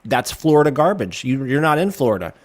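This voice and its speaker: A man's voice: mid-range voice, very animated, a little fast. A middle-aged man co-hosting a casual show over a video call, blunt and sarcastic, swearing freely. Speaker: co-host. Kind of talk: casual banter.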